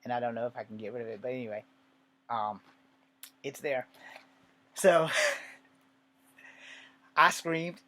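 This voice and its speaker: A man's voice: mid-range voice, a little slow, long pauses, a bit bright. A man telling a personal story in a casual, rambling way, swearing often and drifting into asides. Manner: rambling and profane, with many asides.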